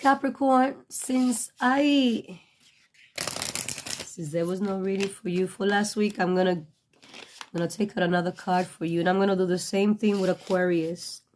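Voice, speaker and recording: Woman, middle-aged, tarot reader, slow, gravelly, blunt, profane, emotional, non-native phrasing. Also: medium pitch, darkish tone, slight background noise. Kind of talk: casual tarot reading.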